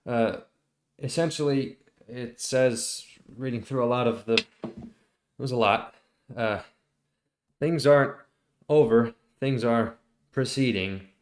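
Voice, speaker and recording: A man voicing a flustered male cleric messenger in a tabletop game, hesitant and halting. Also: mid-range voice, close to an everyday voice. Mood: uneasy. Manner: hesitant, stumbling over words.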